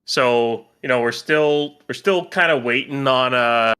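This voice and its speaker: Bright-toned rambling male co-host. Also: medium pitch, unhurried, smooth. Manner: relaxed, rambling, many fillers. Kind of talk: casual livestream commentary.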